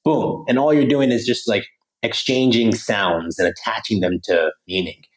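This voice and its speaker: An animated man from the United States talks as a podcast guest, his voice sitting a little low. He explains his ideas in a loose, slangy way and keeps asking "right?" to check that the listener is following. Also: moderate pace, low-quality recording. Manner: casual slangy delivery with many "like" fillers. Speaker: podcast guest, language coach.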